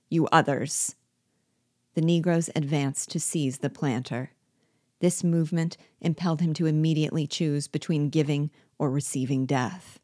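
A woman reading a classic novel aloud in a measured, expressive storytelling manner. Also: low-pitched, no echo, clean studio sound. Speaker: reader and teacher.

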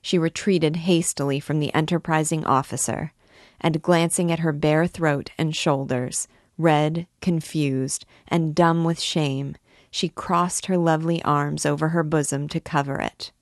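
A woman reading a classic novel aloud in a measured, deliberate way. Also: sits low, steady tone, no room sound, studio quality. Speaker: book reader.

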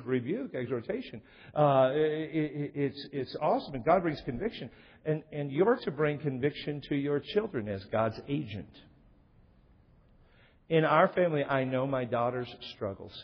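In a church sanctuary, a middle-aged male pastor with a slightly rough, mid-range voice preaches emphatically, posing rhetorical questions and quoting scripture. The recording is lo-fi and echoey.

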